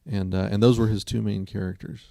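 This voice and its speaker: Creaky-voiced man telling a story. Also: on the low side, flat delivery, fairly quick, dark tone, no room sound, studio quality. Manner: earnest, rambling storytelling. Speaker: co-host. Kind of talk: casual chat.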